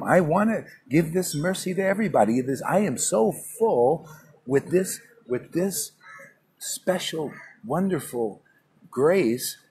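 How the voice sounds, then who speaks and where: Unhurried and animated, this man speaks in a slightly high, mellow, husky voice. Running an informal morning spiritual class in public, he scolds brashly in everyday language and keeps calling his listener "man."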